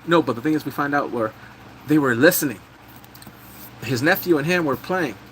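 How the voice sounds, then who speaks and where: A man's voice: a little high, animated, moderate pace, a bit bright, a little hiss or hum, rough recording. A man live-streaming a casual drama recap, chatting loosely, thanking viewers as he goes and breaking into big squealing reactions.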